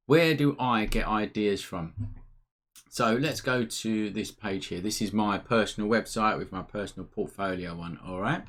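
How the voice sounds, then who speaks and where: A man hosting a casual live photography Q&A from home, chatty and upbeat. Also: on the low side. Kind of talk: casual live-stream chat. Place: home room, indoors.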